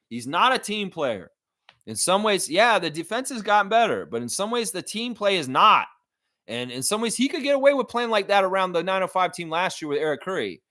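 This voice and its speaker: A man hosting a sports reaction livestream, his pitch swinging widely as he reads chat and vents. He talks casually and slips into profane rants. The sound is dry, with no room echo. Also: brisk. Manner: animated, profane ranting. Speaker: livestream host.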